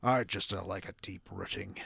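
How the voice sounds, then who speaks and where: A man reading a game villager's lines in a halting put-on rural English accent, a podcast bit. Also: on the high side, expressive, a bit bright, dry recording, clean studio sound. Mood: pleading. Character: rustic villager man asking for a warrior.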